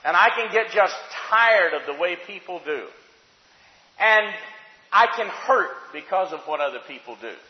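A man preaching a sermon in a church hall, earnest and reflective, dropping from loud emphasis to quiet asides. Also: high-pitched, animated, measured pace. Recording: roomy hall with long reverb, dull lo-fi sound.

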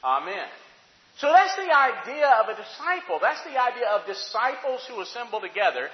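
A man's voice: very high-pitched, very animated, moderate pace. A man preaching a sermon, emphatic and full of rhetorical questions, in a church sanctuary. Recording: dull, echoey hall recording.

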